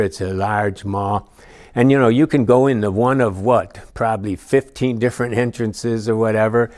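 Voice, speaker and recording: Low-voiced man teaching a church lesson. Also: a little mellow. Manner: storytelling with personal anecdotes, many asides. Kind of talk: conversational teaching talk.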